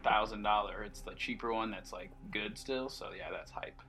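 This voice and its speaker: Male podcast host, casual gaming chat, loose and rambling, bright tone. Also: lowish voice, normal speed, breathy edge. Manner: relaxed, rambling, lots of fillers.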